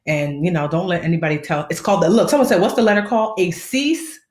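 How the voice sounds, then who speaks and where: A fairly low-pitched woman in her thirties talks fast in a roomy-sounding space, with a slight lisp. She's a personal finance host giving casual, slangy live-stream money advice, animated and playful, voicing the people she quotes.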